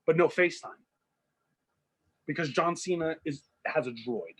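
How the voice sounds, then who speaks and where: A young man co-hosting a podcast, telling a made-up story in a loose, rambling way and slipping into quick character voices. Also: fairly high pitch, a bit bright. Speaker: podcast co-host. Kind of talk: casual storytelling chat.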